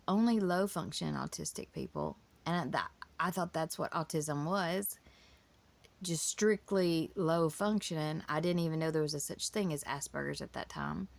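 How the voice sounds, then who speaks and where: A woman's voice: fairly low pitch, gravelly. A woman, telling her family story in a casual, emotional, rambling way. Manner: emotional, rambling with many restarts.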